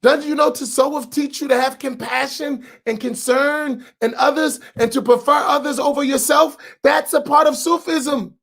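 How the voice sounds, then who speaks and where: A man with an American accent, an imam preaching a sermon with rising shouts and repeated rhetorical questions. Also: very high voice, steady tone, normal speed, creaky, hardly any pauses. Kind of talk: impassioned sermon.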